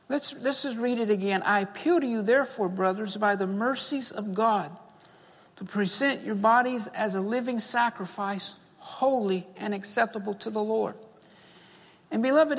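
A pastor preaching a sermon and leading an altar call, fervent, repeating key phrases and punctuating them with "amen" and "beloved.". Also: medium pitch. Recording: long reverb of a large hall.

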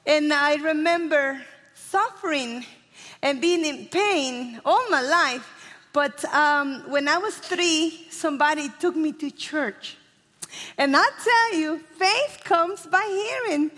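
A very high-pitched woman preacher, a native Spanish speaker with a Spanish accent from a Spanish-speaking country, delivers an evangelistic sermon with an altar call. She talks fast and impassioned, swinging from loud to hushed pleading. Her church hall has long reverb, and musicians play softly behind her.

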